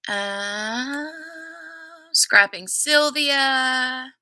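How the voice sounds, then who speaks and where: A woman's voice: sits high, drawn-out words, pushed and bright. A woman hosting a casual livestream, chatty and laughing often as she greets viewers by name and recaps a TV episode. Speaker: livestream host.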